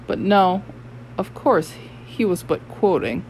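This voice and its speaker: An audiobook narrator reading a novel in measured, steady storytelling. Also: medium pitch, slight background noise, poor audio. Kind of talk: scripted narration.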